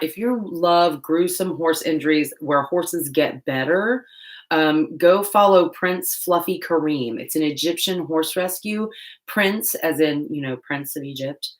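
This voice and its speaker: A woman hosting a casual livestream while painting, chatting loosely and joking at herself in quick asides. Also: fairly low pitch. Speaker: livestream host. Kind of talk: casual live-stream chat while painting.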